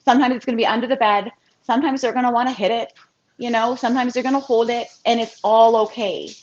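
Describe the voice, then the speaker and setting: Talking fast in a slightly high voice, a financial advisor in her thirties shares a personal story as an interview guest, warm and chatty, imitating other people with lively voices. The lo-fi recording sounds dull, with a little hiss or hum.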